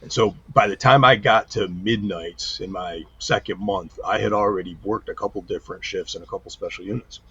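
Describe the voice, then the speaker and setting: A man's voice: fairly low pitch, brisk, few pauses, slightly rough. A middle-aged man, a retired police chief telling stories from his career as a guest in a casual interview, acting out quoted lines as he goes. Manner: animated storyteller, acts out quotes. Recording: dull lo-fi sound.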